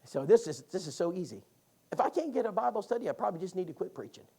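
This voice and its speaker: Animated man preaching a sermon class. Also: quick pace, vocal fry, husky. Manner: animated storytelling with lively pitch swings.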